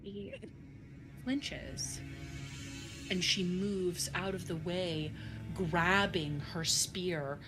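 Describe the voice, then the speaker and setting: Woman game master, slow, breathy, whispery narration, music clearly behind. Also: on the low side, fairly even intonation. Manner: hushed, breathy narration that often drops to a whisper. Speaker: dungeon master.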